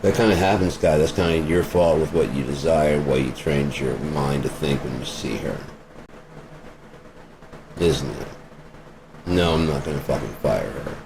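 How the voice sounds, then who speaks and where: A man's voice: rumbling low, moderate pace, creaky, long pauses. A man vlogging an off-the-cuff opinion rant, blunt and profane, firing off rhetorical questions. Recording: steady vehicle road noise behind voice.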